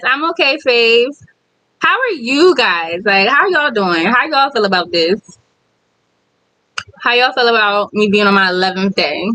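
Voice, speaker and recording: A woman's voice: a little high, a bit bright, no room sound, rough recording. A woman vlogger with kids, talking candidly on a casual livestream and reading viewer comments aloud. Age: adult with kids.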